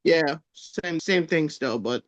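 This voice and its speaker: A man's voice: a little high, lively intonation, takes it slowly, a crowd in the background. A man co-hosting a podcast in casual wrestling chat, hesitant and stumbling over words, with crude jokes. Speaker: podcast co-host. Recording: dull lo-fi sound.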